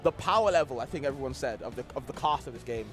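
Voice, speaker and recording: A man's voice: medium pitch, lively intonation, fast talker, soft background music. A man with a non-American accent commentating a live esports tournament, chatty and laughing often, rambling with lots of fillers.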